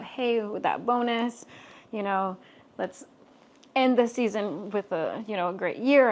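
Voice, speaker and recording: A young adult woman, co-hosting a podcast and telling a personal story in a casual, animated way with many fillers. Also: mid-range voice, slight background noise. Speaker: podcast co-host.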